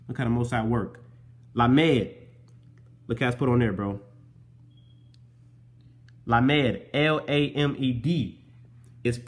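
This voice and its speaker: A young man in a casual show-and-tell vlog, explaining letters from his notes, spelling them out slowly and calling the listener bro. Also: mid-range voice. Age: young adult. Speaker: vlogger teaching Hebrew letters.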